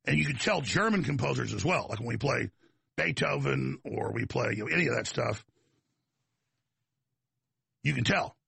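A man's voice: mid-range voice, animated, normal speed, gravelly, long pauses, bright, forceful tone, husky, dry recording. A man with a Texas accent, hosting a talk show in a rambling, combative, folksy monologue that wanders off on tangents.

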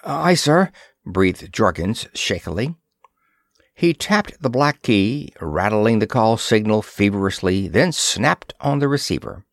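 A man reading a pulp science fiction story aloud with expressive, dramatic storytelling. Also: on the low side, a little slow, no room sound, clean studio sound. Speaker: audiobook narrator. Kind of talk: scripted narration of a pulp sci-fi story.

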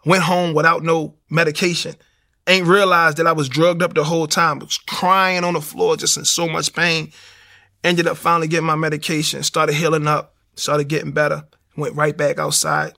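Gravelly man telling his story. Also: on the high side, moderate pace. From Baltimore, USA. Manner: animated street storytelling, acts out the voices. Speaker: speaker giving a testimony. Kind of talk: personal testimony storytelling.

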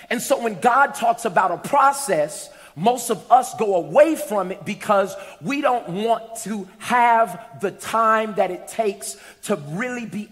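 A man with a high voice preaches a sermon in a church. His delivery is animated storytelling that climbs into shouts, and his voice rings with a long reverb in a big sanctuary.

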